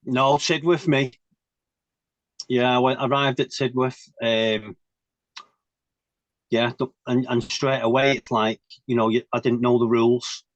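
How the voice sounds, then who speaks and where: A man's voice: medium pitch, fairly even intonation, unhurried, long pauses, no room sound. A man, a guest on the show, telling his army story in casual chat. He laughs often, swears, and keeps asking "you know what I mean". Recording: dull, dry recording.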